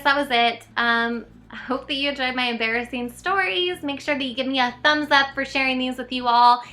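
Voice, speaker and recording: Bright-voiced chatty young woman vlogger. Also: high voice, fairly quick, soft background music. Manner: chatty, animated, self-mocking. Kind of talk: casual storytelling vlog.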